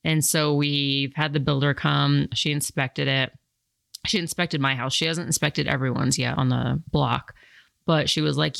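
Chatty woman host with gravelly edge. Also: deep voice, fairly even intonation, a little slow, a bit bright, no room sound, studio quality. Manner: chatty, rambling, many fillers. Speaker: podcast host. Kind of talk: casual podcast chat.

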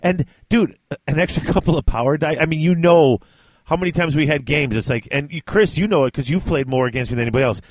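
Animated laughing man on a podcast. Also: fairly high pitch, quick pace, no room sound. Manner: animated, laughs often, many restarts. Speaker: podcast co-host. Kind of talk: casual chat about tabletop wargaming.

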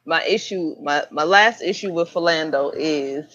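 Husky woman on a podcast, kinda low, blunt, lists her points, muffled sound. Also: moderate pace, fairly bright tone, dry recording. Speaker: podcast co-host. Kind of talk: casual group chat.

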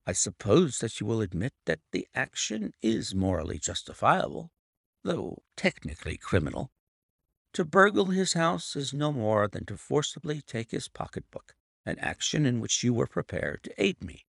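A man reading a calm confident detective, measured and assured, lively lilt, gravelly edge. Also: medium pitch, no room sound, studio quality, heavily acted. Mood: resolute. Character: cool, confident male detective, calm and unflappable. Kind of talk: audiobook reading.

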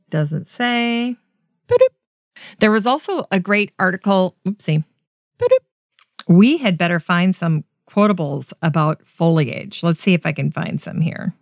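Woman host reading outtakes, laughing at her own slips; unhurried delivery, dead-dry room. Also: lowish voice, gravelly, no echo. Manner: self-mocking, laughs at her own flubs. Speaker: podcast host. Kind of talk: recording outtakes, reading segments aloud.

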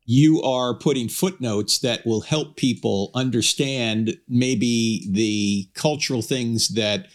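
A man's voice: mid-range voice, slow pace, hardly any pauses. A man hosting a talk radio interview in a chatty way, reading quotes aloud with relish. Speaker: radio show host.

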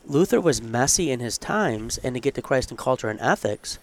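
A man's voice: medium pitch, expressive, brisk. Male academic co-host, conversational and earnest, loose unscripted delivery. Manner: conversational, earnest, thinks aloud with asides. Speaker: podcast co-host, college theology professor. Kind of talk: casual podcast chat.

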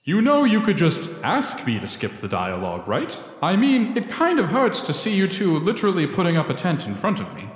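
Guy doing a big talking cartoon oak tree, pompous and petty, voice swoops all over, pitched a bit high, big echoey reverb. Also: huge pitch swings, a little fast, few pauses. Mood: exasperated. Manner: booming pompous proclamations that slip into casual complaining. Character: self-important talking oak tree, grand but petty. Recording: roomy echo with long reverb.

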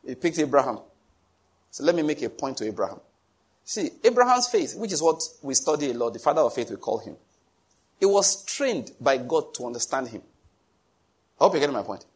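A man's voice: medium pitch, sing-song, brisk, pauses often, breathy edge. A man preaching a sermon emphatically and asking the congregation questions. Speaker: pastor.

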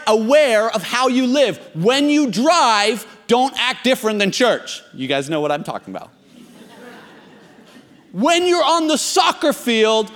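Animated pastor preaching in a reverberant hall. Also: male voice, high voice. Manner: animated, self-deprecating, acts out quotes loudly. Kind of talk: sermon with personal storytelling. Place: church sanctuary.

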